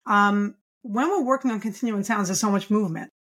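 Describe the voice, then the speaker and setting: A woman's voice: medium pitch, fairly quick, fairly bright tone. A woman speech therapist as a podcast guest, talking enthusiastically and emphatically, posing rhetorical questions as she explains. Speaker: pediatric speech-language pathologist guest. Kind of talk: podcast interview.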